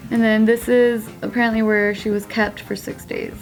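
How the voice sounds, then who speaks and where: A woman's voice: a little high, flat delivery, moderate pace, poor audio. A woman hosting a casual news show, presenting stories in an upbeat way. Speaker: host.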